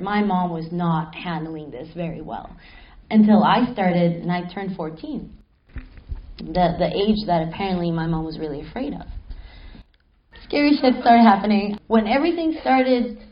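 Animated woman telling a spooky story. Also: fairly low pitch, moderate pace, lo-fi sound. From Mexico City. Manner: animated, laughing, swears casually. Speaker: panel guest. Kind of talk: live panel storytelling. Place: stage at a film festival panel.

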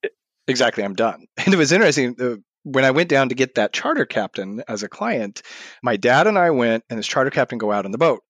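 A man's voice: mid-range voice, quick pace, no room sound. A man talking as a guest in an interview, animatedly telling stories and acting out what he said back then. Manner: animated storyteller, acts out his own past words. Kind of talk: storytelling in a podcast interview.

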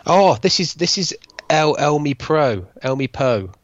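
A man's voice: a little high, animated, measured pace, lo-fi sound, a little hiss or hum. A man co-hosting a podcast, chatting in a blunt, jokey, slangy way. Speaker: podcast co-host. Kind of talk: casual chat.

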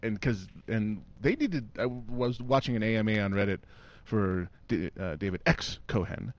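Low-voiced chatty male host. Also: moderate pace, no room sound, dull audio. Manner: chatty, reads listener questions. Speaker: interviewer, host. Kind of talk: casual interview.

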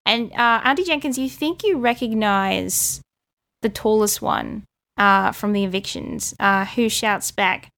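A woman narrating a tabletop role-playing game as game master, relaxed and descriptive. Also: medium pitch, a little slow, creaky.

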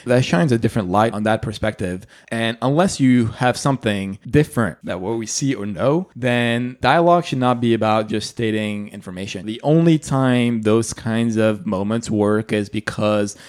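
Reflective man discussing screenwriting. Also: on the low side. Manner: measured, reflective, thinks aloud. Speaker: screenwriting instructor, co-host. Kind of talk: casual teaching discussion.

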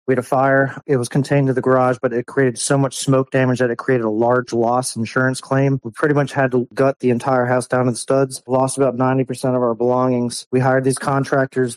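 A man's voice: medium pitch, a little mellow, no echo, rough recording. A man who is a homeowner and guest on a talk show, speaking in a heartfelt, rambling way. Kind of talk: casual radio talk.

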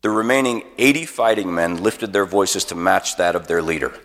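A man's voice: low-pitched, moderate pace, fairly bright tone, long reverb tail. A man, a pastor, preaching a sermon by telling a battle story with vivid dramatic narration. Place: church auditorium.

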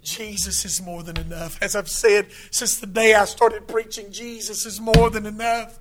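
A man preaching a sermon in church, moving from shouted declarations to hushed pleading during an altar call. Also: high-pitched, fairly even intonation, moderate pace. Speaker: pastor.

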